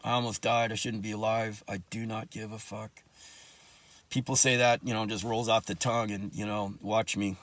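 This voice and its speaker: A man's voice: lowish voice, little pitch movement, normal speed, a bit bright, no room sound. A man telling his own life story in casual talk, blunt and profane, with angry asides.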